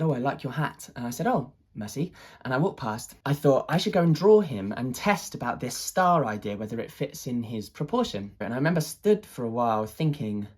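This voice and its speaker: An artist telling an excited personal story, full of hesitations, restarts and fillers. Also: medium pitch, husky. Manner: excited, animated retelling.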